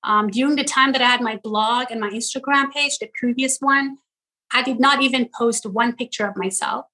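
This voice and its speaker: Bright-voiced Iranian woman telling stories. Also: on the high side, normal speed, rough recording. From Iran. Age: 40s. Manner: animated storytelling, laughs often, many fillers. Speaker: guest, content creator. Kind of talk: casual interview chat.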